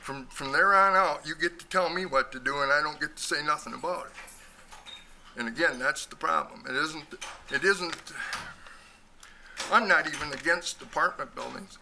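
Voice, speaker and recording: Man, breathless public commenter; blunt, repetitive, bright tense tone, faint noise. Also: fairly high pitch, moderate pace, creaky. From Michigan. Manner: blunt, frustrated, repeats himself. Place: city council chamber.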